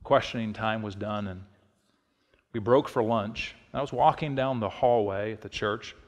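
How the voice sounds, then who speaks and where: A middle-aged male pastor preaching a sermon, telling a personal story in an easy tone and rising to emphatic, shouted peaks. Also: on the low side, normal speed, long reverb tail. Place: church sanctuary.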